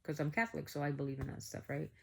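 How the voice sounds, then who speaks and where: A woman vlogger casually telling a personal story to her viewers, animated and full of "like" fillers. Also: sits low, racing, vocal fry, slight background noise. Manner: animated, acts out quoted dialogue, many "like" fillers.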